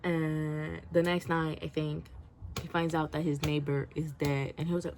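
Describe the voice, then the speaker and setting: A woman's voice: low-pitched, normal speed, noisy background. A woman giving a casual, rambling rant review, swearing freely and laughing often. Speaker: book reviewer.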